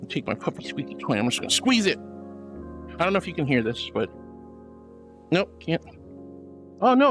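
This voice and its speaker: A woman streamer chatting casually with her viewers, playful and melodramatic, with frequent giggles. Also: on the low side. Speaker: VTuber streamer. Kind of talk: casual livestream chat reading messages.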